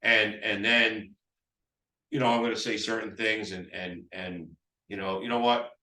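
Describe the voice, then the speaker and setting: A man with a lowish, steady voice, pushed and bright, takes an unhurried pace while training real estate agents on phone scripts. He rambles, restarts repeatedly, and performs the seller's side of the dialogue himself. Echo fills the room, and the microphone is far away.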